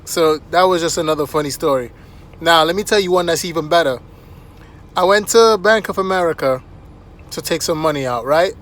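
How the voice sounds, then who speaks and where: A man vlogger telling anecdotes in an animated, chatty way, often checking in with "right?". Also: on the high side, brisk. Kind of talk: casual anecdotal storytelling.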